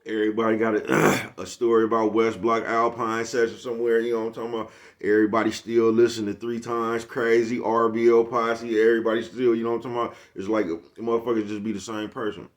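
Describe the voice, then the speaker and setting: A man's voice: on the low side, little pitch movement, quick pace. A man with a Bay Area accent talking casually to camera in a slangy, rambling monologue and laughing often. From San Francisco Bay Area. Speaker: vlogger.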